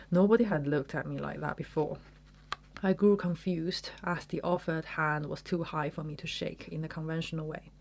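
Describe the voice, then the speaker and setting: Gravelly-voiced woman reading literature aloud. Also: low-pitched, a little mellow, slight background noise. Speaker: book reviewer. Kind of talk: literary commentary with read-aloud excerpts.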